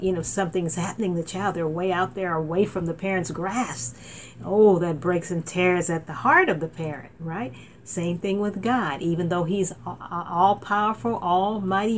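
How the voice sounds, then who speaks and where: A middle-aged woman minister preaching a sermon with fervent, animated delivery, often saying amen, recorded on a laptop. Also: mid-range voice, slight background noise. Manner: fervent, animated, frequent amens. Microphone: laptop mic.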